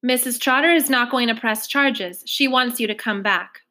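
A woman reading a novel aloud, voicing a calm male police officer who speaks quietly and evenly. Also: fairly high pitch. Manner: quiet, measured.

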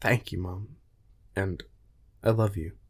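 A man's voice: sits low, slow, husky, full character voice. A man reading the lines of an earnest young man talking to his mother aboard a starship, in a subdued voice.

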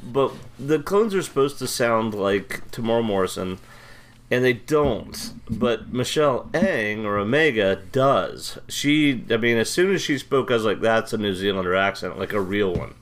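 A man's voice: mid-range voice, expressive, measured pace. Rambling American man, casual podcast chat. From United States. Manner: rambling, self-deprecating, jokey. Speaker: podcast co-host.

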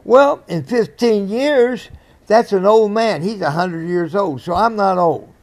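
Here the same kind of speaker, a podcast host in his eighties, rambles earnestly through a casual story, frequently stopping to correct himself. He has a high, slightly mellow voice and keeps to a measured pace.

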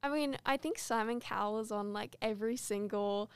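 A woman's voice: medium pitch, normal speed, clear, resonant tone, dry recording, close to an everyday voice. A teenage girl putting on an Australian accent for a playful podcast persona, chatting about Disney. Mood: chatty. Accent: Australian (put on). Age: teens. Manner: playful, chatty, mock-serious. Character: put-on Australian version of herself, a Disney-loving teen girl.

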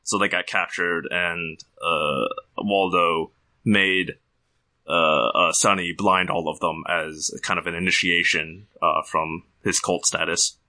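A man's voice: sits low, fairly even intonation, slow, pushed and bright. A man hosting a podcast, recapping a show in a casual, rambling way with fillers. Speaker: podcast host. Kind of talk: casual chat.

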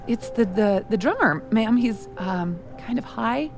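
A woman's voice: a little high, animated, measured pace. A woman voicing a terrified young male intern who stammers in a shivering voice. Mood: scared. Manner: shaky, stammering.

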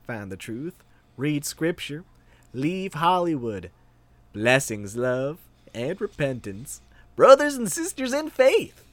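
A man voicing a devout, preachy reviewer in a put-on Southern accent, drawling slowly. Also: mid-range voice, dry recording.

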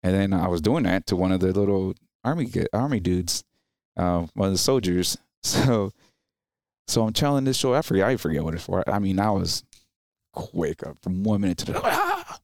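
A deep male voice at normal speed, recorded dry in a clean studio. The speaker is a Marine veteran in his thirties, a podcast guest telling stories in an easygoing interview. He gets animated, imitating the people he quotes in raised voices.

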